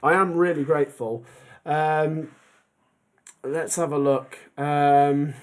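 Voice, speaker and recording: Casual male streamer, young adult, slightly high voice, rambling chat with lots of ums. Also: fairly even intonation, takes it slowly. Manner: chatty, rambling, many ums. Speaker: football fan channel host. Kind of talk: casual livestream chat reading comments.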